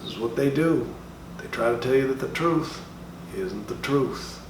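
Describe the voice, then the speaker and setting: Speaking at normal speed in a natural, medium-pitched voice, a man mimics a brash middle-aged comedian who lectures a roomful of schoolkids at an assembly. His comedic monologue is a mock-serious mix of drawling, swearing and taunting. The audio is roomy and distant, with echo and faint background noise.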